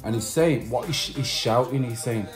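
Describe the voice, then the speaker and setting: This man speaks at medium pitch and a moderate pace while soft music plays in the background. As a vlogger and musician, he tells his subscribers a personal story to camera, casually and repetitively, with slang asides.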